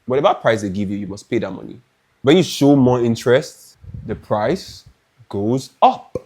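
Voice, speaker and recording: A young Nigerian man with a Nigerian accent, telling a lively, dramatic story in a chatty clothing haul vlog. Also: mid-range voice, normal speed, slightly rough. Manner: animated, dramatic, restarts often. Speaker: fashion vlogger.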